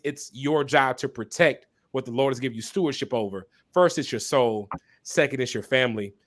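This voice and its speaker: A man speaking as a podcast guest and minister, talking candidly and passionately, repeating phrases for emphasis like a preacher and pausing to apologize for talking so long. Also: mid-range voice, a bit bright. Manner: apologetic asides to listeners. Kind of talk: candid conversational testimony.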